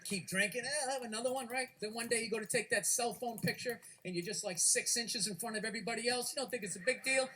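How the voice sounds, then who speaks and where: Ranting profane male comedian, bright and high. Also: fast, few pauses. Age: middle-aged. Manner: loud, profane ranting with shouted outbursts. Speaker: stand-up comedian. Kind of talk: stand-up comedy routine.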